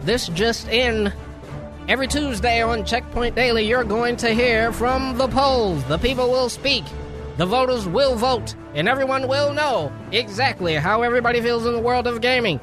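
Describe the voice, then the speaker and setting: A man's voice: very high voice, moderate pace, over music. A man putting on a mock-formal old-time newsreader voice with a transatlantic accent, in a studio. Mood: pompous. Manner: mock-formal announcer delivery.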